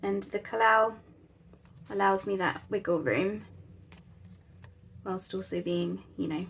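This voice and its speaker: A woman's voice: mid-range voice, slow pace, gravelly, fairly bright tone, husky. A woman hosting a casual craft tutorial, chatting in a rambling, self-deprecating way at her craft table at home. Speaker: crafting channel host.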